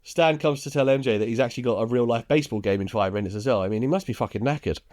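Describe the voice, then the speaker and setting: Brief: male podcast co-host, relaxed plot-recap delivery with easy chuckles. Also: mid-range voice, rapid-fire. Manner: laid-back storytelling, chuckles while recounting scenes. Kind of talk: casual film recap.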